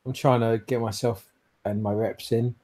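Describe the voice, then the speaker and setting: A cocky rich gym regular, as a game master puts him on, dismissive and patronizing, pitched a touch higher and pushed louder than everyday talk. His mellow, slightly husky tone keeps a lazy swagger. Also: steady tone, moderate pace, lightly acted. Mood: smug, dismissive. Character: arrogant, flirtatious wealthy male gym-goer.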